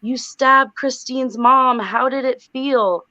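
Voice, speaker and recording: A woman voicing a possessed mother who screams slow, demonic accusations. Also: high voice, sharp tone, dry recording, pitched above the performer's own voice, exaggerated voice. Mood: accusing. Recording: dull lo-fi sound.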